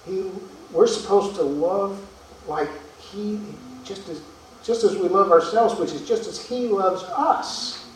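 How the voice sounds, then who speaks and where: Speaking slowly in a high-sitting voice, a pastor delivers an earnest sermon full of rhetorical questions and repeated words. The recording comes from a distance in an echoey room, with a little hiss or hum.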